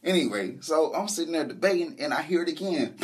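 A man telling a comic story about his girlfriend, animated, profane and laughing as he goes. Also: a little high, a little hiss or hum. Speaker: comedian. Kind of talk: stand-up storytelling.

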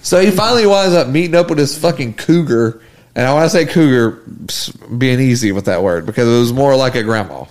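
A man's voice: medium pitch, animated, fairly quick, a little mellow. A man co-hosting a podcast, telling profane, laughing anecdotes in casual chat. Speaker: podcast co-host.

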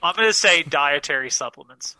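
A man's voice: a little high, animated, brisk, sharp tone, rough recording. A man playing in an online trivia game, who rambles, repeats himself and jokes about himself. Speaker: trivia contestant. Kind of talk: casual game chat.

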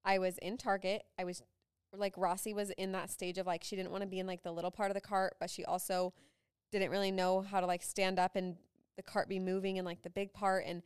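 A woman's voice: mid-range voice, little pitch movement, fairly quick, clean tone, no echo, clean studio sound. A young woman co-hosting a podcast, a mother telling stories in a bubbly, laughing, casual chat. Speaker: podcast co-host.

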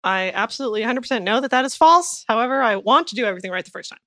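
A woman's voice: on the high side, lively intonation, very fast, pushed and bright, no room sound, studio quality. A woman co-hosting a casual podcast chat, candid and self-deprecating, laughing often. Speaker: podcast co-host. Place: home, rain heard outside.

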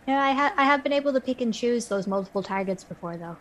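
A woman playing a tabletop game, chatting quickly and casually. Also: fairly high pitch, animated, slight background noise, low-quality recording. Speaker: player.

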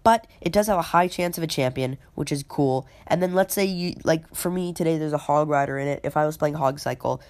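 A woman's voice: deep voice, darkish tone. A woman hosting a podcast, giving a casual, rambling opinion rant full of fillers and restarts, often rattling off lists. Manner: lists items off in quick runs. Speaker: podcast host.

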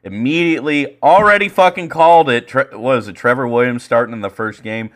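A man co-hosting a podcast, telling stories in casual chat, animated and full of swearing. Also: mid-range voice, fairly quick. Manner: profane, animated storytelling. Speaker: podcast co-host.

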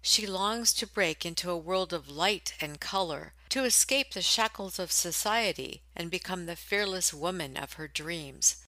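A woman narrating book blurbs for an audiobook in a smooth, teasing promo manner. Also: on the low side, expressive, measured pace, hardly any pauses, pushed and bright, dry recording, poor audio.

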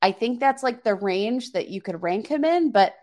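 A woman's voice: on the high side, lively intonation, moderate pace, darkish tone. A woman co-hosting a sports podcast, breaking down a matchup in a chatty, upbeat way with lots of fillers. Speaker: podcast co-host. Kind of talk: casual fantasy football chat.

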